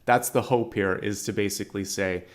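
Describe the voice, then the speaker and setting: Man, low voice, psychic reader, channeled guidance, conversational, self-correcting. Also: fairly even intonation, normal speed.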